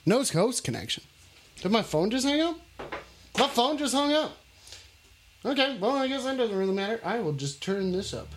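A man's voice: extremely high pitch, very animated, moderate pace, long pauses, slight background noise. A young man hosting a silly live call-in stream, rambling and joking. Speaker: call-in show host. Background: music.

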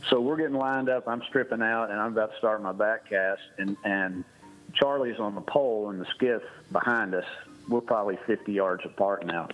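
A man's voice: lowish voice, moderate pace, fairly bright tone, faint music behind, rough recording. A man casually telling a long fishing anecdote on a podcast, laughing as he rambles. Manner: rambling, laughing storyteller with restarts. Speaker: guest storyteller.

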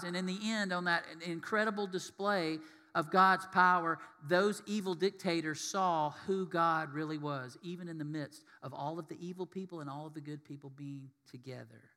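Male pastor preaching, animated with rhetorical questions; high, bright voice, hall reverb. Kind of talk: sermon.

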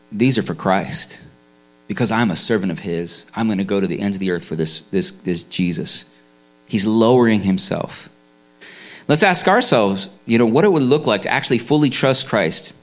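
A man's voice: on the low side, expressive, normal speed, fairly bright tone. A man preaching a sermon in a conversational way, full of restarts and fillers. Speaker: pastor.

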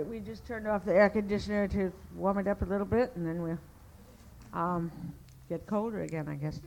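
A woman moderating a writers' workshop, talking casually and hesitantly with many fillers. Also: mid-range voice. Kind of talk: casual group hosting.

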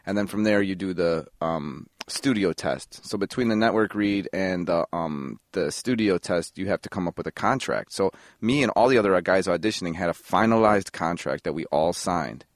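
A man from Chicago telling long animated stories as a podcast guest, in a casual interview. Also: deep voice, moderate pace, hardly any pauses, dry recording, studio quality. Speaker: actor guest.

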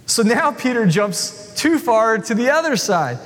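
High-voiced, animated male preacher. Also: normal speed, hardly any pauses. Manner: animated, self-deprecating, acts out the people he talks about. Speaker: pastor. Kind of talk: sermon. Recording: long hall reverb.

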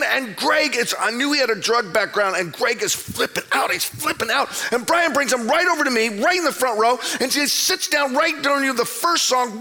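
A man preaching a sermon, telling a story with animated swings between loud outbursts and hushed drops. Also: very high voice. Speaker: pastor. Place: church stage.

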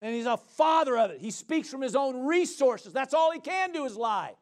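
With an extremely high pitch and a moderate pace, a middle-aged preacher delivers an animated sermon. He calls out questions to the congregation and answers them himself, shouting and laughing.

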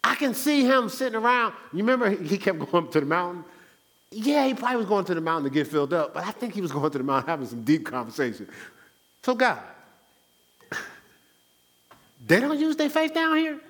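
A man preaching a conversational sermon as pastor, animated, stumbling over restarts and acting out the voices he quotes. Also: high voice, quick pace.

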